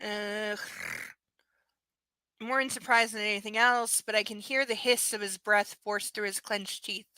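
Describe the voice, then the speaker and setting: A woman reading a romance novel aloud on a live stream, breaking off for sarcastic, mocking asides and dipping into soft whispers. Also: mid-range voice, steady tone, a little slow, clean tone, no echo, rough recording. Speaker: live-stream book reader.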